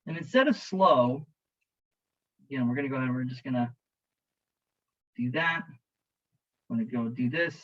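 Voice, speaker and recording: A man's voice: medium pitch, animated, normal speed, pauses often, a bit bright, muffled recording. A man teaching as an EMT instructor, narrating a slideshow lecture in a jokey, conversational way and talking to students directly.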